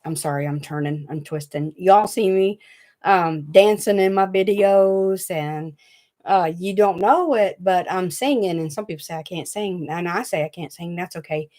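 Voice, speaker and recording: A woman with a Southern US drawl chats loosely to her viewers on a home livestream. Her voice sits a little low, and she rambles from thought to thought with a fidgety, talkative ease. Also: normal speed, dark tone. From Tennessee. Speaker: DIY craft channel host. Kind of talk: casual livestream chat. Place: small hot room at home.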